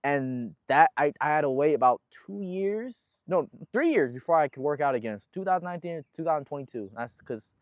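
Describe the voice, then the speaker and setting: A man's voice: a little high, expressive, fairly quick, hardly any pauses, no room sound. A young man talking casually as a guest in an interview, telling a personal story in a loose, slangy way with lots of profanity. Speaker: guest musician.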